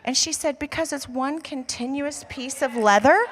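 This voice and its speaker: A woman's voice: sits high, normal speed, noisy background. An American woman pastor telling a story in a sermon, acting out the dialogue and saying "like" a lot. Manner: animated storyteller acting out dialogue, says "like" often. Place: church auditorium. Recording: long reverb of a church hall.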